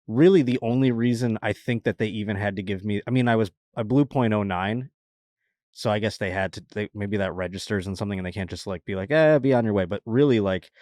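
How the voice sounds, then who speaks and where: A man, a comedian guest on a podcast, telling rambling, animated anecdotes in casual chat and laughing at himself. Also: fairly low pitch, brisk, dry recording, clean studio sound.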